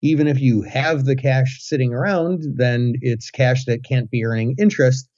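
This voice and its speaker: A man co-hosting a podcast who explains ideas step by step in a measured way, with some fillers. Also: medium pitch, a little mellow, highs cut off. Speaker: podcast co-host. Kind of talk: casual explanatory chat.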